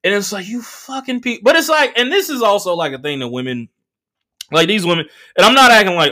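Animated profane comedian telling a story. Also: male voice, sits high, brisk. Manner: profane, animated, lots of fillers. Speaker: comedian and podcast host. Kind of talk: casual storytelling monologue.

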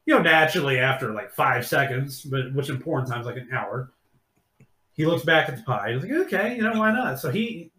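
A man hosting a podcast, retelling a scene in casual chat as an animated storyteller who swears freely. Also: medium pitch, normal speed. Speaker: podcast host. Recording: echoey room.

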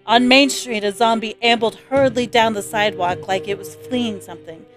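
A woman reading a first-person horror story aloud as a scripted narration, with steady, vivid storytelling. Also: fairly high pitch, brisk, soft background music.

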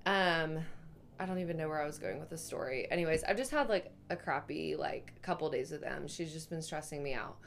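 A woman's voice: low-pitched, fairly quick, gravelly. A young pregnant woman in casual chat, telling a long story with plenty of "like" fillers. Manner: rambling, filler-heavy storytelling.

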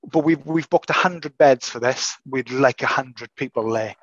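A man's voice: medium pitch, moderate pace, slightly rough, no room sound, lo-fi sound. Emphatic man in casual chat. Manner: emphatic, swears freely. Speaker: martial arts instructor.

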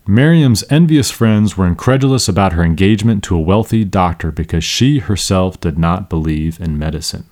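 A man teaching vocabulary in a casual spoken lesson, animated and slipping into exaggerated voices for his examples, sleep deprived. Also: deep voice.

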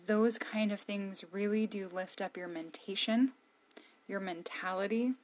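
A woman's voice: mid-range voice, steady tone, unhurried, darkish tone. A woman giving casual, emphatic encouragement to camera from her own room. She is candid and blunt. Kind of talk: casual motivational talk to camera.

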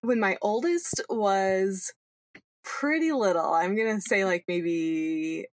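A woman's voice: medium pitch, slow pace, dry recording. A woman in her thirties co-hosting a podcast, telling a story in casual chat and laughing often.

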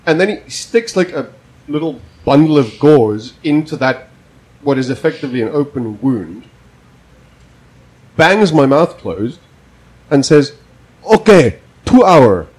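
A young man co-hosting a podcast, telling a story in a casual, animated and profane way. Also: mid-range voice, a little slow, long pauses, low-quality recording. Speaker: podcast co-host.

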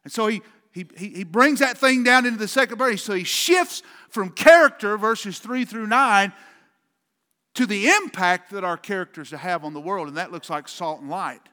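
A man's voice: sits high, moderate pace, sharp tone, in a large hall. A man pastor preaching a sermon with an emphatic, repetitive cadence, speaking in a church sanctuary.

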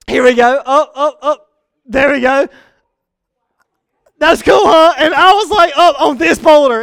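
High-voiced animated male preacher. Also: dry recording. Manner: animated, rambling storyteller with rising excited bursts. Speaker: pastor. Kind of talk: sermon with personal storytelling.

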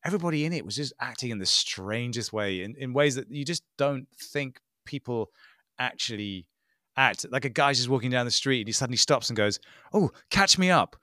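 A man co-hosting a casual tech podcast, talking in an animated, sarcastic way and mimicking people he mocks. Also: mid-range voice, brisk, dry recording, studio quality. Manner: animated, mocking impressions, sarcastic. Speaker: podcast co-host.

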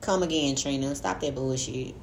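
A woman's voice: a bass voice, moderate pace. A young adult woman co-hosting a podcast, talking in a candid, profane, joking casual way, reading and answering a listener letter. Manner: candid, profane, laughing, loose slangy talk. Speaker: podcast co-host.

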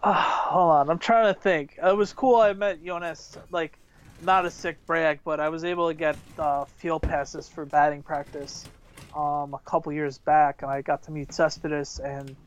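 Smooth-voiced man telling rambling stories. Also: fairly high pitch, unhurried, muffled recording. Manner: rambling, excitable, many fillers and restarts. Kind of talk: casual storytelling chat.

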